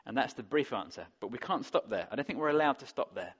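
A man's voice: medium pitch, expressive, fast talker, fairly bright tone, husky. A man preaching a sermon in a conversational way, often putting rhetorical questions to the congregation, on a dull lo-fi recording. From England.

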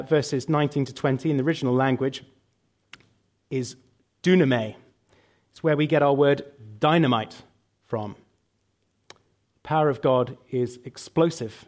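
Guy preaching a sermon, kinda high-ish voice, punchy lists, some ums when answering questions. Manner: emphatic, builds through lists, uses fillers. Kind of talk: sermon with prayer, then Q&A answers.

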